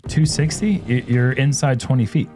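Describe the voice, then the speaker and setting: A man doing casual sports commentary, easygoing and quick to laugh as he banters with his co-host. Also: mid-range voice, darkish tone, faint music behind. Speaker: disc golf commentator.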